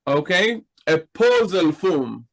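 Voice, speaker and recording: A man's voice: high-pitched, sing-song, takes it slowly, a bit bright, low-quality recording. A man teaching a class in a patient, explanatory way, asking his students questions. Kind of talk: slow, deliberate Hebrew grammar lesson.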